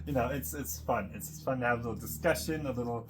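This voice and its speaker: A man's voice: mid-range voice, background noise. A man vlogging in a casual, meandering monologue, full of fillers and frequent laughs. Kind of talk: casual rambling monologue to camera.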